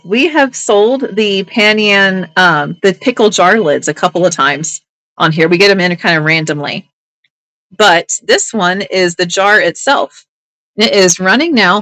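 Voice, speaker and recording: A woman's voice: medium pitch, fairly bright tone, dry recording, rough recording. A woman running a live online auction, describing items in chatty, upbeat sales patter with playful teasing asides. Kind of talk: casual live-sale patter.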